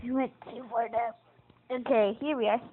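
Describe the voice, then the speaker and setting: A woman vlogger chatting casually and excitedly about a video game, rambling with restarts. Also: on the high side, moderate pace, heavy background noise. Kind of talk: casual gaming chat. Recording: tinny phone-like audio with loud game music.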